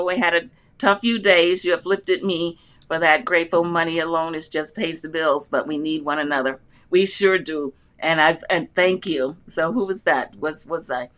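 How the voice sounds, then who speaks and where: A woman's voice: lowish voice, normal speed, pushed and bright. Heartfelt older woman chatting live. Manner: heartfelt, rambling, inspirational; reads viewer comments aloud. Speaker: livestream host answering loom knitting questions. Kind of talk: casual live chat. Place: airport.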